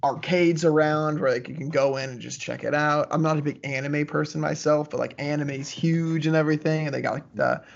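A man's voice: fairly high pitch, steady tone, a little fast, vocal fry, few pauses. A man co-hosting a casual podcast, chatting in a laid-back, rambling way with frequent laughs. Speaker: podcast co-host. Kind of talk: casual chat. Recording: muffled lo-fi audio.

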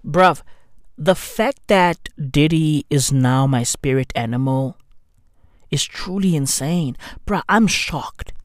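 A woman delivering a sarcastic, swear-filled vlog rant at an unhurried pace. Her voice sits close and dry on the mic with no room around it. She veers between loud outbursts and hushed, self-mocking asides. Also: sits low, dry recording. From South Africa. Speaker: vlogger.

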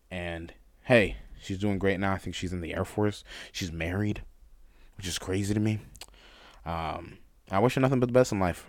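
A young man casually telling a personal story to the camera, candid, with frequent laughs and halting restarts. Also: sits low, no room sound, studio quality.

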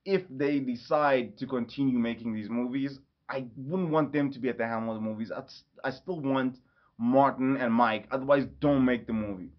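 A man's voice: mid-range voice, fairly quick, hardly any pauses. Rambling, enthusiastic man reviewing a movie. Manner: enthusiastic, rambling, self-correcting. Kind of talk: casual vlog review. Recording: slightly dull lo-fi audio.

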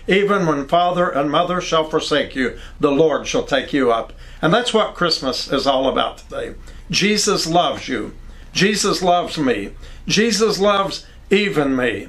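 A man's voice: on the high side, fairly bright tone. A man preaching a Christmas sermon, earnest and pastoral, speaking straight to his listeners with small slips and self-corrections.

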